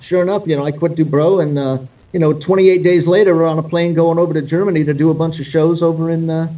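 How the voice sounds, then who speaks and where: Fast-talking man telling stories, distant mic. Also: fairly high pitch. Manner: animated anecdotes with swearing and quoted dialogue. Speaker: guest musician. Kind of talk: casual storytelling.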